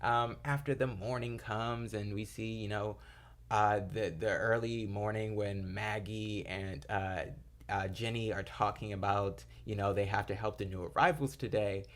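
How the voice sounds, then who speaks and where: A man's voice: fairly low pitch, steady tone, unhurried. A young man casually recapping a TV episode, rambling with lots of fillers and acting out quoted lines. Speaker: TV episode reviewer.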